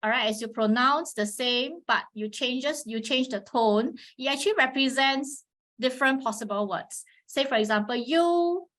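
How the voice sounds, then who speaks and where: Woman presenter, a bit high-pitched, patient teacher's delivery for an online class. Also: moderate pace. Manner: patient teacherly explaining, frequent "all right" check-ins; models Mandarin tones with sharp pitch swings. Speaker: webinar presenter on teaching Chinese. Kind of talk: instructional webinar talk.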